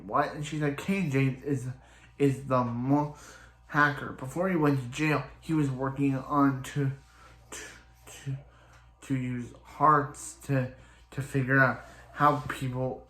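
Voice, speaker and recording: This show reviewer gives a casual episode recap in a level, somewhat bright mid-range male voice. His retelling is loose and halting, full of restarts and "he's like," and the recording echoes as though made in a bare room.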